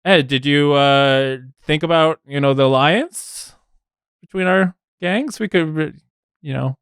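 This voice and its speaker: A man's voice: fairly high pitch, measured pace, fairly bright tone, clean tone, no room sound, clean studio sound, voice pushed up. A man voicing a pushy, scheming male gnome gang boss who talks in a wheedling, salesman-like way.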